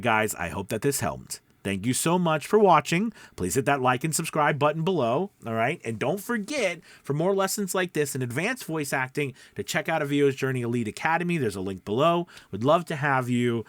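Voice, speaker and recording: A man teaching voice-over in a casual video lesson, speaking close to the microphone and showing how his voice drops deep and quiet. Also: lively intonation, moderate pace, few pauses, no echo. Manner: demonstrates pitch, drops deep and quiet then rises. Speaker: voice-over coach. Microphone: close studio mic.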